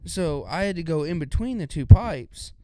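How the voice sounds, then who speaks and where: A man's voice: a little high, expressive, moderate pace, mellow, no echo, clean studio sound. A young man co-hosting a podcast, telling stories in a laid-back, drawling way and saying "dude" often. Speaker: podcast co-host. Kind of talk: casual storytelling chat.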